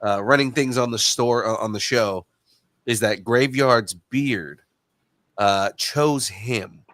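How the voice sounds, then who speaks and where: A man co-hosting a casual podcast, talking in excited quick bursts. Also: medium pitch, no room sound. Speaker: podcast co-host.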